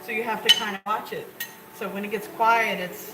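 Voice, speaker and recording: A woman's voice: medium pitch, fairly even intonation, moderate pace. A woman chatting casually to viewers as she cooks, rambling through her steps in a home kitchen. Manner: chatty, rambling, talks to viewers while cooking. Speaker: home cook showing a recipe. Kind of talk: casual cooking tutorial. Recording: echoey kitchen, off-mic, loud cooking noise.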